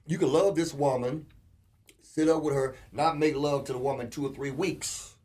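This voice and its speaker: A man co-hosting a casual relationship talk show, telling animated stories and acting out quotes. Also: on the high side, moderate pace. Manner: animated storyteller, acts out quotes. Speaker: co-host.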